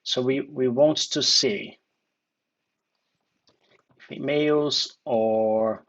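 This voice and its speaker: Halting man with gravelly voice. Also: mid-range voice, a bit bright, highs cut off. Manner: halting, many fillers and restarts, thinks aloud. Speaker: coding instructor. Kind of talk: screen-recorded coding tutorial. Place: dark room at a computer.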